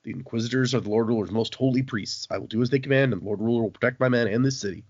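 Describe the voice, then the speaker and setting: A man's voice: medium pitch, racing, darkish tone, lightly acted. A man voicing a stubborn, devout male city ruler who insists on his faith. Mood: insistent. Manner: earnest, insistent. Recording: dull, dry lo-fi podcast audio.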